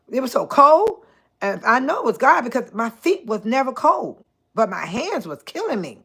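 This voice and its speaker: Chatty older woman host, higher voice. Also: a little fast, husky. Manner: chatty, animated, laughs often, addresses viewers by name. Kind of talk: casual live-stream chat with viewers.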